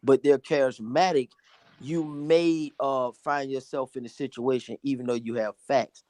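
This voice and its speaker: A man talking as a guest in a casual chat, making his points in a deliberate, reasoned way. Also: mid-range voice, steady tone, a little mellow, dry recording.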